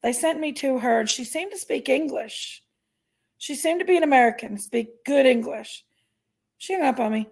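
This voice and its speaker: High gravelly woman venting. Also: moderate pace, darkish tone. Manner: chatty storytelling, venting, thanks viewers. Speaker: livestream host. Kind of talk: casual livestream chat.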